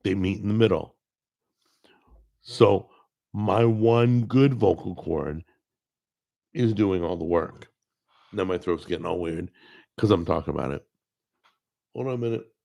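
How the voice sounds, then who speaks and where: A middle-aged man with a gravelly, strained voice talks unhurriedly into a desk mic, rambling in a plainspoken, self-deprecating way. His pitch sits low, with a rough, crackly grain throughout. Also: a little slow, pauses often, dark tone. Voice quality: gravelly, strained voice from a paralyzed vocal cord. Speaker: cooking show host. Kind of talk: casual chat to camera. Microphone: desk microphone recorded over a video call.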